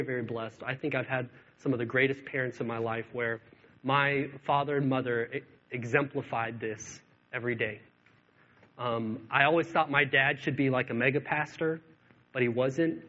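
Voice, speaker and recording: A man preaching a sermon, telling stories with lots of ums and acting out the dialogue. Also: mid-range voice. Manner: animated storytelling with acted-out dialogue, many fillers. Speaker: pastor. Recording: dull lo-fi sound.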